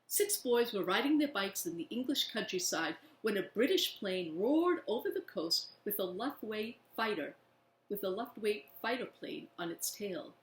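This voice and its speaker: A woman reading a children's book aloud in a slow, expressive way. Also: medium pitch, a little hiss or hum. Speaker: reader. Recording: echoey room.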